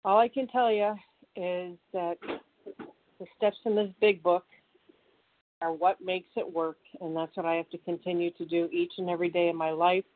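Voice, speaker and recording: A woman's voice: on the low side, steady tone, moderate pace. Heartfelt woman caller on a phone line. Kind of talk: personal recovery share. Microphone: phone call-in. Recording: dry tinny phone line.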